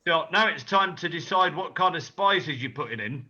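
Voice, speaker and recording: A man's voice: on the high side, expressive, normal speed, bright, forceful tone, highs cut off. A Welsh man guiding a cooking lesson over a video call, teasing and joking, calling people mate. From Wales. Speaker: guest cook. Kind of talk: casual video call chat.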